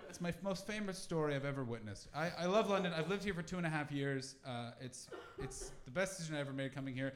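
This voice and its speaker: A man from Canada telling a crude, excitable story in a stand-up comedy set on a club stage, using a handheld mic. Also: fairly high pitch, quick pace, hardly any pauses, slight background noise. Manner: crude, excitable, loud bursts.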